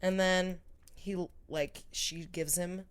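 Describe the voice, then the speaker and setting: Animated, swearing woman podcast co-host. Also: on the low side, slow, smooth. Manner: animated, swears freely, acts out movie scenes. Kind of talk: casual chat.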